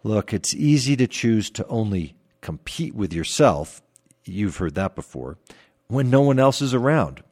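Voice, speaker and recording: Podcast host, man in his 50s: deep, expressive pitch, measured reflective storytelling. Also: breathy edge. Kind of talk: scripted podcast monologue.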